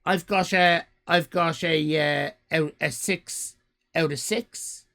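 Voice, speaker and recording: High, gravelly man, mock-stern host. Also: steady tone, takes it slowly. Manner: mock-stern, theatrical, bursts into shouting. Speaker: livestream host. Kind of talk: live stream chat, grading viewer drawings.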